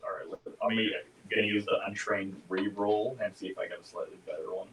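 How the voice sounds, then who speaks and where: Low bright-toned male player. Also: fairly even intonation, fast talker, slight background noise, poor audio. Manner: hesitant, many fillers. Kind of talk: tabletop game chat.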